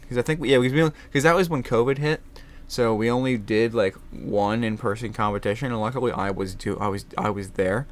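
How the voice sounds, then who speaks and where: A man's voice: on the low side, fairly even intonation, brisk. A young man chatting casually in his room, rambling with many restarts and swearing. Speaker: vlogger. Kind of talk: casual chat.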